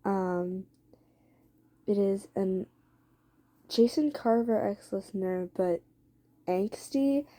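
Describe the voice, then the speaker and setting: A woman casually narrating an improvised story to her viewers in a rambling, chatty way, swearing and filling pauses with "um.". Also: mid-range voice, warm tone. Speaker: storyteller for listeners.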